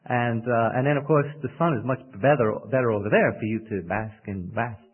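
A man's voice: medium pitch, brisk, breathy edge, voice pushed down, natural voice. A man voicing a scheming male scorpion in a spoken fable, coaxing and persuasive, heard over a tinny radio broadcast.

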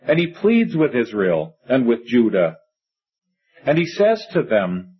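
Husky-voiced man preaching a sermon. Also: medium pitch, big pitch swings, a little slow. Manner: earnest, reads scripture in old-fashioned wording, conversational asides. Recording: dull lo-fi recording.

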